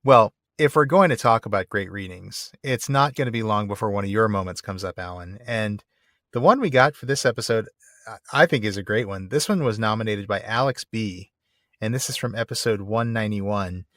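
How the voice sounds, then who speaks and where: A man co-hosting a podcast in casual chat, earnest and a little halting. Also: on the low side, fairly bright tone, no room sound, clean studio sound. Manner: earnest, halting, with many restarts. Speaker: podcast co-host.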